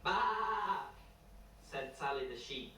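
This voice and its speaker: A man's voice: medium pitch, slight background noise. A man narrating a children's story in a playful way, with a moral at the end, in an echoey room heard from far off. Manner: slow, lively, playful.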